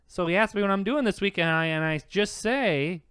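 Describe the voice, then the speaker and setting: A man co-hosting a comedy podcast, telling stories in an animated way and acting out the people in them, with frequent laughs. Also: high-pitched, fairly quick, clean tone, no room sound, studio quality. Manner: animated, acts out quotes, laughs often. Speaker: podcast co-host. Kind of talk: casual comedic storytelling.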